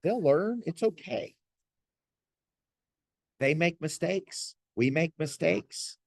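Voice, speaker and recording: A man's voice: fairly high pitch, lively intonation, slow, gravelly, no echo. A man giving an earnest, pastoral teaching talk and leaning on folksy everyday illustrations. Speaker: Christian teacher. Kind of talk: gentle spoken teaching.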